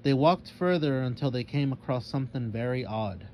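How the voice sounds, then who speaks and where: A man reading a children's story aloud in a calm, measured narrating voice. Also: medium pitch, a little hiss or hum.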